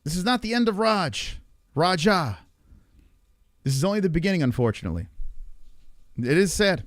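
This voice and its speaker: Loud, animated streamer man, high voice. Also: normal speed, dry recording, studio quality. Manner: profane, animated, loud, talks to chat. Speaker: livestream host. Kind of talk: casual livestream commentary.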